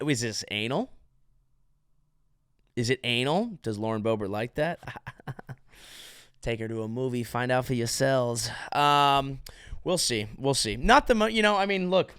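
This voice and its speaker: A man's voice: medium pitch, a bit bright, clean tone, dry recording, studio quality. A male comedian hosting a podcast, delivering a sarcastic, rambling monologue full of restarts and mock-grand declarations. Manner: sarcastic, rambling, self-interrupting.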